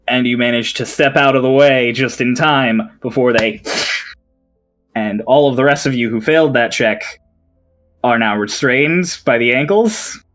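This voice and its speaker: A man narrating as dungeon master, relaxed and chatty, with fillers. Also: mid-range voice. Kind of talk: narrating a tabletop game.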